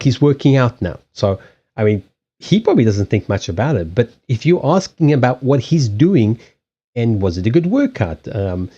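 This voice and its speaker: A man hosting a casual livestream chat, blunt and animated, swearing freely and acting out quoted lines. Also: mid-range voice, breathy edge, highs cut off. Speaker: livestream host.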